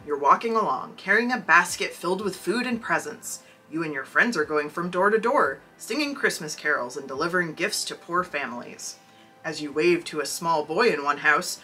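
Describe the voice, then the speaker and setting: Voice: mid-range voice, expressive, normal speed, sharp tone, faint music behind, low-quality recording. A podcast co-host reading a choose-your-own-adventure story aloud, with wry, jokey asides. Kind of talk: casual chat and reading aloud.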